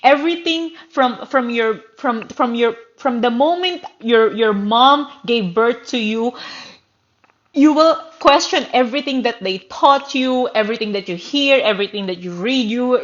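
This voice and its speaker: Earnest Filipino woman on a muffled livestream. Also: a little high. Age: 30s. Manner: earnest, emotional, halting and searching for words. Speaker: livestream host. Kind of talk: personal livestream monologue.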